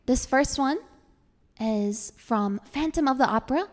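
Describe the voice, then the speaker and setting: High-voiced woman streamer, playful and bossy. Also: measured pace. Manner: playful, bossy teasing, repeats words. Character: elegant female elf florist. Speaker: VTuber streamer. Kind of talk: casual debut stream chat with singing.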